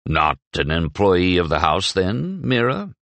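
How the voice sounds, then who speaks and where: A man voicing a burly middle-aged soldier who is gruff and used to giving orders. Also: low voice, big pitch swings, a little slow, fairly bright tone, no room sound, heavily acted. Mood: wheedling.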